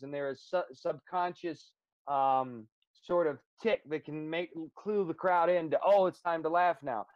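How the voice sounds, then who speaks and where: A man's voice: a little high, no echo, highs cut off. Chatty comedian man, dry close sound. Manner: animated storyteller, rambling with fillers. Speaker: stand-up comedian guest. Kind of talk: casual interview chat.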